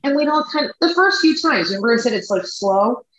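A woman co-hosting a podcast, telling a personal story in a chatty, rambling way that speeds up and slows down. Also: on the high side, expressive, fairly bright tone. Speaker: podcast co-host. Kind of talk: casual storytelling chat. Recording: echoey room, dull lo-fi sound.

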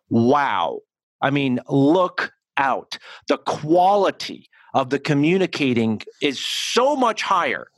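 An American man in a podcast interview, coaching on speech, talking in an animated and emphatic way with frequent restarts. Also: on the high side, dry recording. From United States. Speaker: communication coach, guest.

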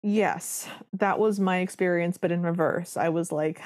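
A woman's voice: on the low side, steady tone, unhurried, hardly any pauses, darkish tone. A woman co-hosting a podcast, recapping a movie in casual chat with dry, sardonic remarks. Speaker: podcast co-host.

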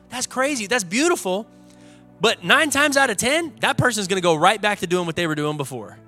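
A man's voice: high voice, expressive, brisk, bright, forceful tone, soft background music. A young adult man, a pastor preaching an earnest, conversational sermon in a church, building to emphatic peaks. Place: church sanctuary.

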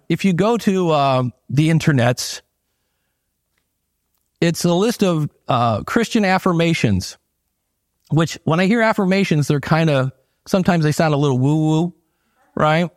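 Midwestern man preaching, higher voice, dry sound. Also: expressive, measured pace, pauses often, dry recording. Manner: casual, conversational preaching with asides. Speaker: pastor. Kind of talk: sermon.

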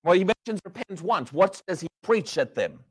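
A male preacher with a high voice delivers a sermon. His delivery is very animated, and his pitch rises and falls widely. He fires rhetorical questions at the congregation and drops some lines to a hush. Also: brisk, slightly rough. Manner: animated, rhetorical questions, swings from loud to hushed.

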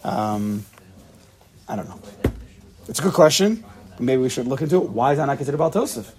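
A man's voice: medium pitch, very animated, a little fast, a little mellow. A man leading a casual Talmud study class, thinking aloud and checking in with his students. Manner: thinks aloud, asks the class questions, laughs at himself.

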